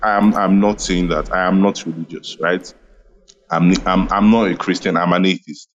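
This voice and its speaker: A man's voice: deep voice, fairly even intonation, moderate pace, highs cut off. A man from Nigeria speaking passionately in a casual online audio-room chat, often repeating himself and apologizing. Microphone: phone in an online audio room.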